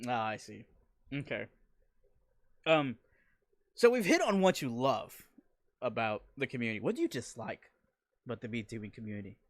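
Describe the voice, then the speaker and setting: Excitable male interviewer, dry sound. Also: medium pitch, moderate pace, long pauses, dry recording. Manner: excitable, laughs often, swears freely. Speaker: interviewer and streamer. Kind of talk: casual chat.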